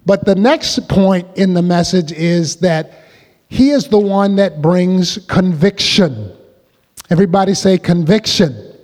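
A man preaches to his congregation with a high voice, regularly pausing to draw them into call-and-response. His words ring out with a long reverb around the church hall. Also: animated, darkish tone. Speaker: pastor. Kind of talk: sermon.

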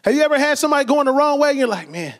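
This pastor speaks rapid-fire in a very high, fairly bright voice. His sermon is conversational, built on stories and acted-out quotes, with laughter here and there.

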